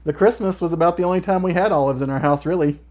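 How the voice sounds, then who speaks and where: Reading out viewer comments on his livestream, this middle-aged host keeps things casual and breaks into frequent laughter between lines. He speaks fast, with a fairly high pitch and a darkish tone.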